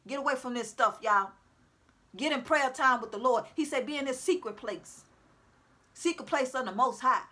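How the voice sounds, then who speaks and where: High bright-voiced woman preaching to viewers. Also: moderate pace. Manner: preachy, repetitive, calls out to her audience. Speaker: self-styled prophetic speaker. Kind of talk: informal religious exhortation to viewers. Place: at home.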